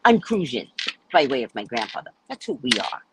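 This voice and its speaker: A woman's voice: extremely low pitch, sing-song, brisk, noisy background. A woman from the United States hosting a casual livestream chat, telling stories in a loose, profane way and acting out the voices of the people she quotes. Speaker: livestream host.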